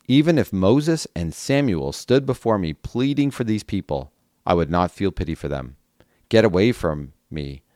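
A man reads scripture aloud in a deep, low voice. His delivery is earnest and steady, with occasional relaxed asides full of small fillers. The sound is dry and close, with no room around it. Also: dry recording. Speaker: Bible reading podcast host. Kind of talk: Bible reading with brief commentary.

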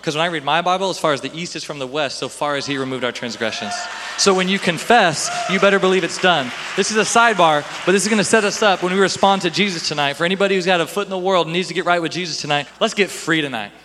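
A young man preaching a sermon in a church hall, animated and acting out Bible scenes in voices. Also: a little high, quick pace, background noise. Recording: long hall reverb.

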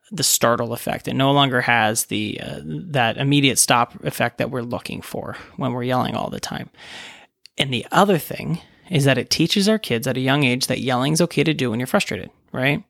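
A man in his thirties talks through parenting in a relaxed solo chat, tossing in "right?" as he goes and slipping into little voices for the thoughts in his head. His voice is gravelly at a middle pitch, recorded close and dry with no room sound. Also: no echo. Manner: conversational, frequent "right?" tags, acts out inner voices. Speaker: pediatrician and parenting podcast host. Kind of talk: casual solo talk.

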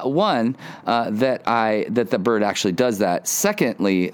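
A man in his forties hosting a casual devotional podcast from his front porch, chatty and excitable with lots of restarts. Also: mid-range voice. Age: 40s. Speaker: podcast host.

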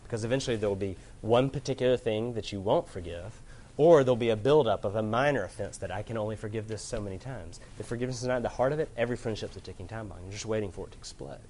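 A man preaching a sermon as pastor, asking the listeners questions, telling stories from home, and slowing down when he quotes scripture. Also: on the low side. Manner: earnest, asks rhetorical questions, warm family anecdotes; varies pace, slows right down to quote scripture.

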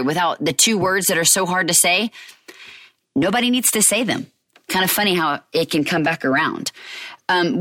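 A woman's voice: on the low side, pushed and bright, dry recording, studio quality. A middle-aged woman and mother talking candidly in a personal vlog, repeating herself and getting fired up as she goes. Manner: candid, repetitive, gets fired up. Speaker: divorced mother sharing her story.

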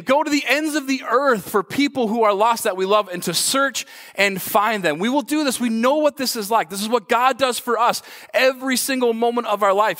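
High-voiced male pastor in a reverberant hall. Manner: animated storytelling, acts out his own shouts. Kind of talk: sermon. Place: church hall.

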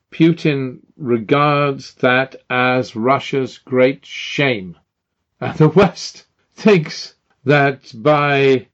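An older British man delivering an indignant opinion monologue, firing off rhetorical questions with emphasis. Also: fairly high pitch. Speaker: commentator. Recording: dull lo-fi sound.

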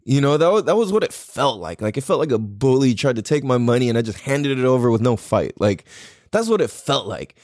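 A man's voice: mid-range voice, a little fast, dry recording, studio quality. A man hosting a podcast, telling a story in a casual, profane, slangy way, rambling with restarts. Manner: animated, voice jumps up when riled. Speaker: podcast host.

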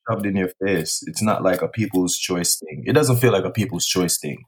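A man's voice: low-pitched, moderate pace, husky. A man with a Jamaican accent, a guest musician on a podcast, talking in an easygoing way with short agreeing replies. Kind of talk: casual chat.

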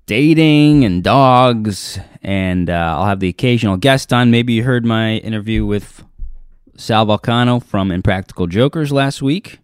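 A man's voice: lowish voice, smooth, no room sound, studio quality. A young adult man hosting his own show as a stand-up comedian, rambling loosely through a self-deprecating comic monologue. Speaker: podcast host and stand-up comedian.

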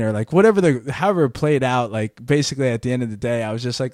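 A man's voice: medium pitch, rapid-fire, hardly any pauses, darkish tone, no echo, studio quality. A man hosting a podcast alone, telling a story casually, rambling with frequent restarts and little laughs. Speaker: podcast host. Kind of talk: casual solo podcast monologue.

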